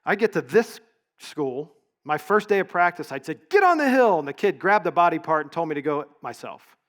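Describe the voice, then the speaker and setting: A middle-aged man speaking at a leadership event and telling stories in a relaxed, conversational way, sometimes catching and correcting his own words. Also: fairly high pitch, brisk. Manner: conversational, story-driven, with small self-corrections. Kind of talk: storytelling keynote talk. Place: event stage.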